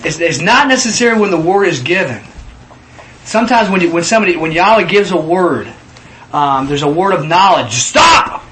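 A man leading a casual Bible study, teaching in an animated way and acting out scenes in voices. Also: sits high, fairly quick, noisy background.

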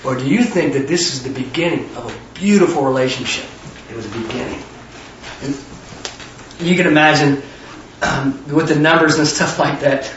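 A man preaching a sermon in an animated way, with rhetorical questions and bursts of shouting. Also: mid-range voice, moderate pace, pauses often. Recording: echoey hall, distant dull mic, faint noise.

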